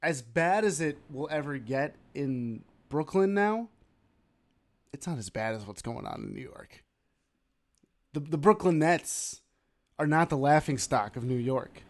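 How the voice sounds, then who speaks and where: A man co-hosting a casual sports chat, animated and ranting with sudden loud outbursts. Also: fairly high pitch, measured pace. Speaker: podcast co-host.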